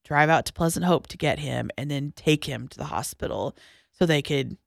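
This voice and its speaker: A young woman telling a personal story as a podcast guest, halting, with restarts and pauses, going quiet at the hardest parts. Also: deep voice, gravelly, no echo, clean studio sound. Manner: halting, with frequent restarts and trailing-off lines, dropping quiet at hard moments.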